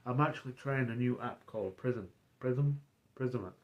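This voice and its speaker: A man's voice: medium pitch, muffled recording. Rambling man telling a story. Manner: rambling, halting, many fillers and restarts. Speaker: streamer. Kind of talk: casual storytelling of a roleplay.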